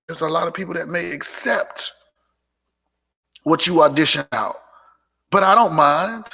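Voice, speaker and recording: Gravelly, emphatic man preaching self-respect. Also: a little high, a little slow, long pauses, bright, forceful tone. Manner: preachy and emphatic, repeats lines for punch, sassy asides. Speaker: host of a live motivational talk show. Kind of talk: live motivational monologue.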